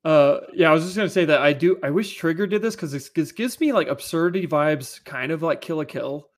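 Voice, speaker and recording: A man's voice: fairly high pitch, fairly quick. A man in a casual podcast chat, talking enthusiastically about details he liked. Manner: enthusiastic, excitable.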